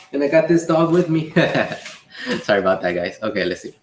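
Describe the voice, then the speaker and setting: A man's voice: medium pitch, sing-song, normal speed, a little hiss or hum. Laid-back young man chatting on stream. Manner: laid-back, reads chat aloud, laughs often. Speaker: livestream host and delivery driver. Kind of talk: casual livestream Q&A reading chat.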